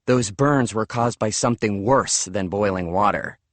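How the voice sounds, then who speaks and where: A man narrating a first-person audiobook in a measured, steady way. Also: lowish voice, dry recording.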